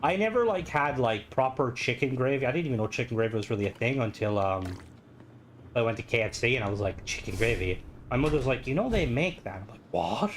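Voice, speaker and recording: A man's voice: medium pitch, lively intonation, fast talker, slight background noise. An Irish man streaming a game, chatting casually and rambling with many fillers. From Ireland. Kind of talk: casual gaming stream chat.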